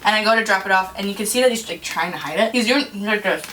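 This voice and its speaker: A woman's voice: mid-range voice, fast, fairly bright tone, distant mic, slight background noise. A young woman co-hosting a podcast, telling work stories in casual chat, swearing freely and laughing between lines. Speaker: podcast co-host.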